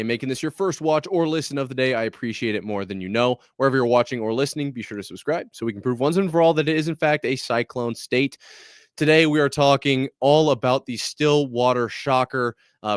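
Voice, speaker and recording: A man's voice: mid-range voice, clean tone, dry recording. Guy ranting on his sports podcast, candid and fed up, dry close sound. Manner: candid, exasperated, self-deprecating. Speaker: podcast host. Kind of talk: casual sports podcast talk.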